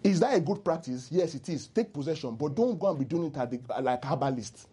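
A man preaching a sermon as pastor, animated and teasing, leading the congregation in call-and-response. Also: fairly high pitch, brisk, breathy edge.

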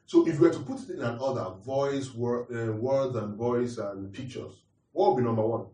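A man's voice: medium pitch, normal speed, mellow. Man, preacher, sermon, repeats points, quizzes congregation, echoey room, distant mic. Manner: repeats points, asks the audience questions. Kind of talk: sermon teaching. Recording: roomy echo, distant mic.

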